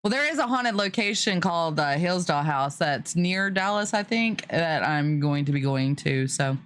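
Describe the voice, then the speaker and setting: A middle-aged woman from Lower Alabama with a light, mostly smoothed-out Southern accent, chatting easily on a podcast and laughing often. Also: animated, moderate pace. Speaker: podcast host and paranormal investigator. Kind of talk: casual podcast conversation.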